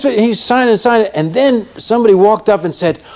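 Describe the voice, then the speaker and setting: A man's voice: high voice, moderate pace. A man, an actor, telling a story in an interview and acting out the voices of everyone in it. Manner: animated, acts out each person's lines in the story.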